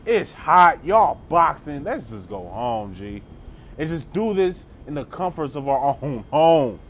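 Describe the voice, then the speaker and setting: A man voicing a bored little kid who whines flatly that he wants to go home. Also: fairly high pitch, unhurried, breathy edge, heavily acted. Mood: fed up.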